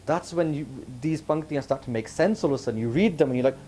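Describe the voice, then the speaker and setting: A man gives a religious talk at a camp, speaking fast in a slightly high voice. He keeps it conversational, tossing questions to the audience. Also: warm tone, a little hiss or hum. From United Kingdom. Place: camp hall with a live audience.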